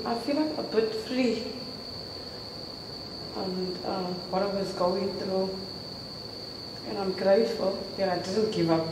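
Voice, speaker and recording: Woman, earnest church testimony, hesitant, big echoey hall with a long ring. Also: medium pitch. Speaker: congregant giving testimony. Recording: echoey hall, distant mic, cricket noise.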